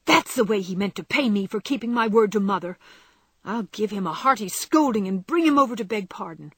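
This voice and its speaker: A woman voicing an impetuous, tomboyish teenage girl who speaks loudly and headlong. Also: medium pitch, big pitch swings, moderate pace, slightly rough, dry recording. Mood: indignant. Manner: loud, indignant, headlong.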